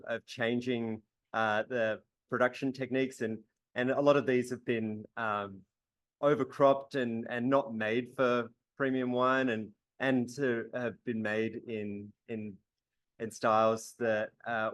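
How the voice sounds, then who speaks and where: A man at an ordinary pitch talks about his winemaking, halting and restarting with frequent pauses. The sound is dry and close, with no room around it. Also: fairly bright tone, dry recording. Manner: hesitant, many fillers and restarts. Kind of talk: presentation to wine writers.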